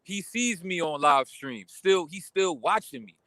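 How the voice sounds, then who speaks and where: A young man telling a story in a casual vlog rant, animated and full of slang, venting about a pickup game. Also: high voice, measured pace, no echo. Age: young adult. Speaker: vlogger.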